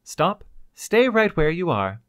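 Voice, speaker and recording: A commanding older scientist snapping out orders in a raised, emphatic voice, as a man reads him. His delivery is clipped and formal, with a lively rise and fall. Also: mid-range voice, normal speed, dry recording, clean studio sound. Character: brusque senior scientist, commanding, secretly villainous.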